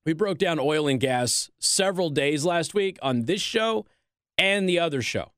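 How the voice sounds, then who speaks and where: A man hosting a talk show, delivering a sarcastic, animated political commentary monologue. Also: fairly high pitch, unhurried, dry recording, clean studio sound.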